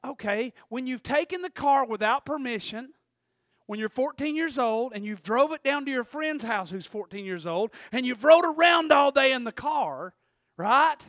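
Man, preacher, very high voice, dry close mic, animated storytelling sermon. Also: moderate pace, no echo. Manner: animated preacher acting out a story, swinging between loud and hushed. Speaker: pastor.

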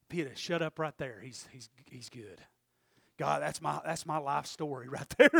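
Gravelly, bright-voiced preaching man. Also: on the high side, a little slow, no echo, studio quality. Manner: impassioned, swinging from shouts to hushed asides. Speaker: pastor. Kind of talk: sermon. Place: church sanctuary.

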